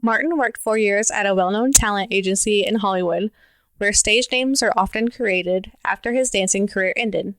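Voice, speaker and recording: A woman's voice: mid-range voice, moderate pace, fairly bright tone, dry recording. A woman co-hosting a podcast, reading stories aloud and laughing often between them. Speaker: podcast co-host. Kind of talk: reading stories, casual chat.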